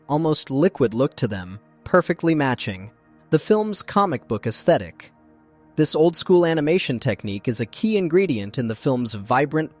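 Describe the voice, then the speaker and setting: Male voice-over narrator, middle pitch, steady scripted delivery, faint music bed. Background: faint background music.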